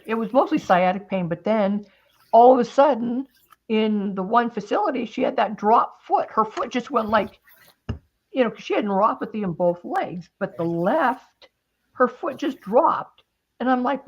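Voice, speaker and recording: A woman's voice: on the high side, expressive, moderate pace, dull audio. A woman hosting a casual craft-and-chat stream, telling a long story in a rambling way with many restarts. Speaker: host.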